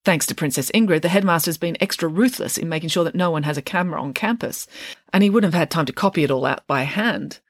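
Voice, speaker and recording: A woman voicing a clever, matter-of-fact schoolgirl detective in a storybook reading, speaking briskly. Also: fairly low pitch, no room sound, clean studio sound. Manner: brisk, deductive.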